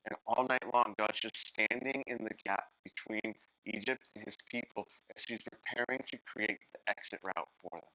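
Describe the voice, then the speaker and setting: Bright-voiced male pastor preaching. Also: on the low side, normal speed, few pauses, no room sound, rough recording. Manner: animated storytelling, acts out Bible characters in voices; talks to the congregation directly. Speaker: guest teaching pastor. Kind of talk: sermon.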